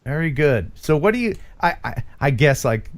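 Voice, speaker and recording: A man's voice: fairly high pitch, very animated, normal speed. An American man hosting a casual live stream, joking around and reading chat comments aloud. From United States. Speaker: host.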